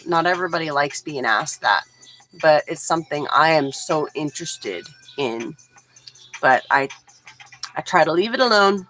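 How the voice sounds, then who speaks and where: A woman's voice: on the low side, normal speed, faint music behind, poor audio. A woman in her forties from Texas, chatting casually with viewers on her livestream. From Houston, Texas. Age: 40s. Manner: relaxed, chatty, talks straight to chat. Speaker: livestream host.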